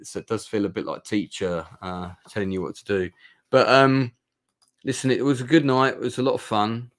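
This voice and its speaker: Vlogger, male, 50s, low-pitched voice, rambling and heartfelt. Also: steady tone, moderate pace. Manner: chatty, rambling, heartfelt storytelling. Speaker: vlogger reviewing a club night. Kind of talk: casual spoken review.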